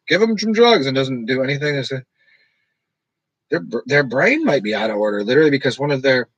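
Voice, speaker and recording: Husky, rambling man on a dry stream. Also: mid-range voice, no echo, rough recording. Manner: rambling, self-described monotone delivery. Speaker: streamer talking to live chat. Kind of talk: casual rambling livestream chat.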